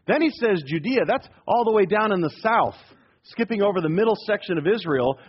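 Husky high-voiced preacher. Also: male voice. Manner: rhetorical questions, emphatic repetition; down-to-earth, calls himself rednecky. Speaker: pastor. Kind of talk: sermon. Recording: dull lo-fi sermon recording.

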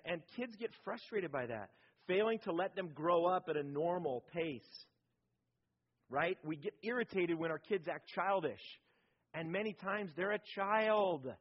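A man preaching a sermon in a conversational, storytelling way, often checking in with his listeners by asking "right?". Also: a little high. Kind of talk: sermon on parenting. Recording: dull lo-fi recording.

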